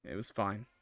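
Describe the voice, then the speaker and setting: A man's voice: on the low side, fairly bright tone, no room sound, studio quality. Man reading a visual novel aloud. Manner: casual, jokey asides, laughs. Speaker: streamer.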